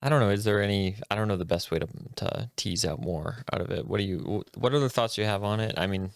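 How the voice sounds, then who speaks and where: A man's voice: on the low side, quick pace, vocal fry, dry recording, studio quality. A man co-hosting a church discussion podcast, thoughtful and searching for his words, with hesitant restarts. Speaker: co-host.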